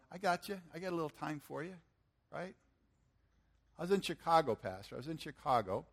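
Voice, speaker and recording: Folksy preacher man telling a story. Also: medium pitch. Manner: folksy, animated storytelling with acted-out quotes. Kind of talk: sermon storytelling.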